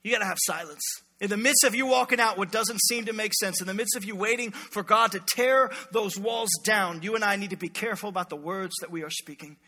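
Male pastor preaching, very high bright voice, long hall echo. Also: a little fast, hardly any pauses, a little hiss or hum. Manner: animated, storytelling, jokes with congregation. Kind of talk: sermon. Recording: echoey hall reverb.

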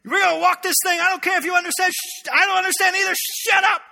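Man voicing a shouting army commander, high and sharp, echoey hall, stern and bossy. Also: animated, fast, exaggerated voice. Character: stern male army commander barking orders.

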